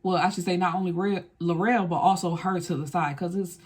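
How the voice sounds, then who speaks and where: A woman's voice: fairly low pitch, steady tone, brisk. A woman recapping a film in a casual, blunt and slangy way, swearing freely as she retells the story. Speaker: film reviewer.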